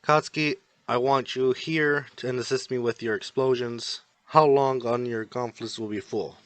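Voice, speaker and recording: Dude voicing a determined young hero, urgent, dry close sound. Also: male voice, mid-range voice, fairly even intonation, moderate pace, no room sound, lightly acted. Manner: urgent, giving orders.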